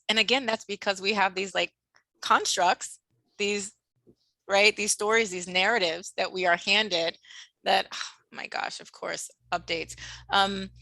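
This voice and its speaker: A woman presenting a workshop over a video call, with a bright, clear voice in a dry, close sound. She talks expressively, acts out what people said, and laughs often. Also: fairly low pitch, no echo, low-quality recording. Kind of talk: animated webinar talk.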